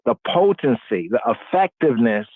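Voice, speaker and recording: A male podcast host lectures on scripture in a steady teaching cadence, circling back over his phrases and tagging them with "right?". His voice sits at a middle pitch. It comes through a thin, narrow phone-line sound with no room echo. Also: moderate pace. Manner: repetitive teaching cadence, frequent "right?" check-ins. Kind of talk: call-in radio podcast teaching. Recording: dry tinny phone-line audio.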